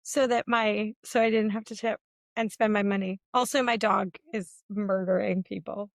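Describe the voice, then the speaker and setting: A woman in her forties, co-hosting a podcast, telling lively stories in a casual chat. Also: moderate pace, no room sound. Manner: animated storytelling, swings between high and low. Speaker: podcast co-host.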